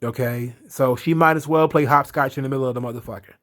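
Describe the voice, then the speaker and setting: A man's voice: mid-range voice, steady tone, fast talker, fairly bright tone. A man hosting a casual wrestling recap, blunt and profane, ranting with his own opinions. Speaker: wrestling commentary host.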